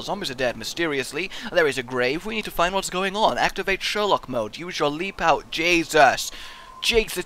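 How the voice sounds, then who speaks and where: A young man giving playful, excitable let's-play commentary and chatting to the game character as he plays. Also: fairly high pitch. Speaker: gaming video host.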